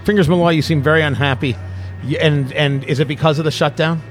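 A middle-aged man hosts a loose, joking conversation, often stopping and restarting mid-thought. His voice sits a bit high for a man. A faint bed of music plays underneath. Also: steady tone, fast talker. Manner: rambling, self-interrupting, jokey. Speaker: podcast host. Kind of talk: casual tasting chat.

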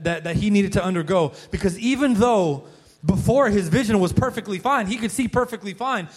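High-voiced male pastor preaching. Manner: conversational storytelling, frequent restarts, rising excitement when acting out quotes. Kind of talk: sermon.

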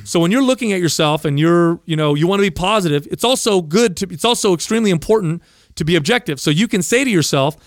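A man's voice: high-pitched, expressive, fast, dry recording, studio quality. A man co-hosting a podcast, talking bluntly and emphatically in casual chat and swearing freely. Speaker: podcast co-host.

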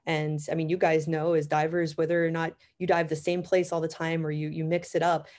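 A woman's voice: deep voice, flat delivery, fairly quick, darkish tone. A woman in her thirties, a diver talking enthusiastically in a casual interview, with fillers and restarts. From Florida, USA. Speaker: guest, underwater cameraman and technical diver.

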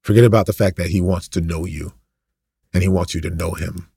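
A man's voice: deep voice, fairly even intonation, fairly quick, vocal fry, warm tone, slightly rough, no room sound, studio quality. A man preaching an impassioned, ranting sermon, full of repetition and rhetorical questions.

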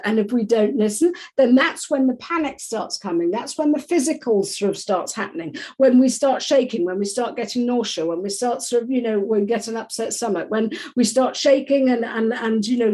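A woman talking as a guest in a casual interview, with a fairly high voice. She rambles in a chatty way, with hedging asides and frequent restarts, and slips into little acted voices. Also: darkish tone, poor audio. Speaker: guest expert on anxiety.

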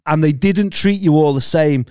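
Smooth-voiced man chatting. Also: on the high side, darkish tone, dry recording, studio quality. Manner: rambling and sweary, with quick restarts. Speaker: podcast co-host. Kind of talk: casual chat.

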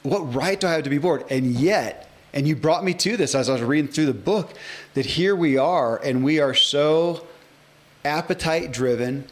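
A man's voice: fairly high pitch, moderate pace. A man in his forties hosting a podcast interview, talking in an emphatic, rambling way with frequent restarts. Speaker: podcast host. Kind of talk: casual interview chat.

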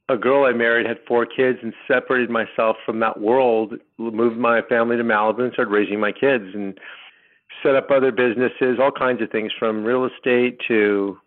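A middle-aged man telling his personal story as a podcast guest, rambling and halting with many restarts. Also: mid-range voice. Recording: tinny phone line.

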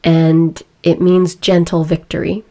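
A young adult woman giving a reflective, emotional personal talk, earnest and deliberate. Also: on the low side, level tone, dark tone.

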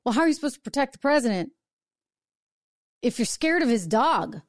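A woman's voice: on the high side, very animated, a little fast, no echo, studio quality. A middle-aged woman hosting an opinion show, delivering a sarcastic, indignant monologue full of rhetorical questions. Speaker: show host.

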